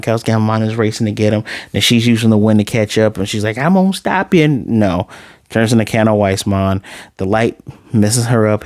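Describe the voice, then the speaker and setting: A man casually recapping and reviewing an anime episode, acting out character lines with dramatic, exasperated reactions. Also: lowish voice. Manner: animated, acts out character lines in quick snippets.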